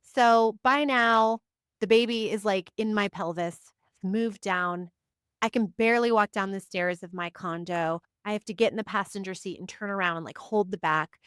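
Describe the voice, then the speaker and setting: A woman's voice: medium pitch, moderate pace, a bit bright, clean tone, no room sound. A woman speaks in a dry, close room with a mid-range voice. She is a psychic reader telling her own story in a chatty monologue. She punches out short, emphatic affirmations one after another. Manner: chatty, frequent "like" fillers. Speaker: psychic reader and spiritual teacher. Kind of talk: casual personal monologue to camera.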